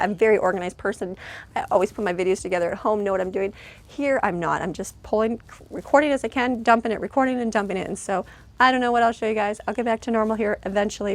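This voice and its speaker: A middle-aged woman from Michigan, talking casually to camera as a family vlogger, rambling and chatty with frequent laughs. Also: mid-range voice.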